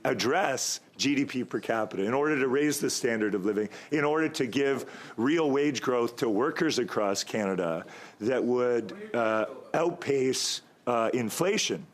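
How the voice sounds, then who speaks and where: A man speaking as a member of parliament at a committee, delivering a long, halting floor speech with many pauses and a slightly hoarse voice, at times jabbing at his opponents. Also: mid-range voice, expressive. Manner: rambling, halting, stalling for time; argumentative toward opponents.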